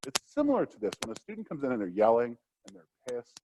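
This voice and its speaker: A man presenting a workshop lecture in a conversational way, acting out quotes, with steady noise behind. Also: mid-range voice, racing.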